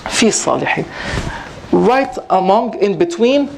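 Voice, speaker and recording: A man giving an informal religious talk to a gathering, rising in pitch for emphasis and mixing in Arabic phrases. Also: sing-song, a little fast, creaky, slight background noise. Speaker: Sufi teacher giving a talk. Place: prayer hall at a community gathering.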